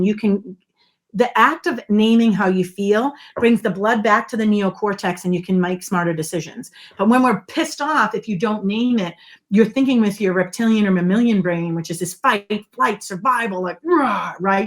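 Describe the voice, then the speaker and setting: A middle-aged woman speaks as an interview guest, her voice sitting at an ordinary pitch for a woman. She explains ideas with lively emphasis and tells stories with plenty of energy. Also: moderate pace. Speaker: guest, body language expert. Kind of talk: conversational interview.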